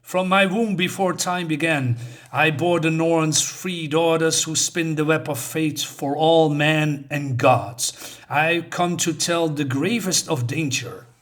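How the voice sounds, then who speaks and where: A man reading aloud as an ancient, all-knowing female earth goddess, slow and grave. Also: a little high, a bit bright. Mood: solemn.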